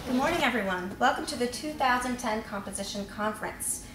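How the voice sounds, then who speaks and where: A woman's voice: on the high side, brisk. A woman moderating a student panel, introducing presenters formally. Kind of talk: conference introductions. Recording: echoey room, noisy.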